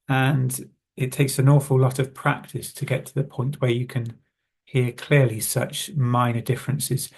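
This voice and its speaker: A British man teaching English pronunciation, calmly explaining and saying example phrases slowly and clearly. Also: medium pitch. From Britain. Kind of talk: online lesson, reading notes and modelling phrases.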